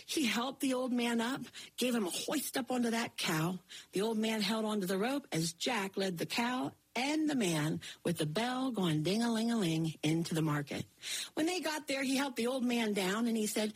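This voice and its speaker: A woman storyteller telling a folktale aloud, animated, with rhythmic repeats and spoken sound effects. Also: fairly high pitch, moderate pace, slightly rough.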